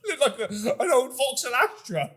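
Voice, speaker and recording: A man's voice: extremely high pitch, very animated, moderate pace, a bit bright, slightly rough. A young man co-hosting a podcast, rambling through crude, sweary stories and laughing often. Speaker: podcast co-host. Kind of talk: crude casual banter.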